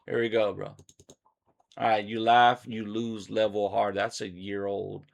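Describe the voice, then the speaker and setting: A man hosting a casual livestream, talking loud with slangy, joking banter into a desk microphone. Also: lowish voice, little pitch movement, measured pace, gravelly. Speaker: livestream host. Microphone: desk microphone being adjusted.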